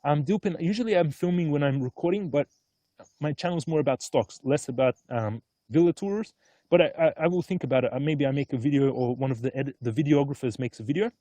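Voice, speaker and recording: Man, relaxed rambling live-stream host, slightly high voice, warm and mellow tone, dry sound. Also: quick pace, dry recording. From Australia. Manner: easygoing, rambling, often excited. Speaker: stock market vlogger. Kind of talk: casual live-stream chat. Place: outdoors on a hilltop at home.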